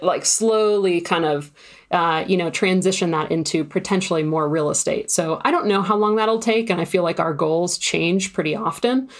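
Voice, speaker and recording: A woman talking in casual conversation, rambling with lots of fillers. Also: lowish voice. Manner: rambling, many fillers like "you know".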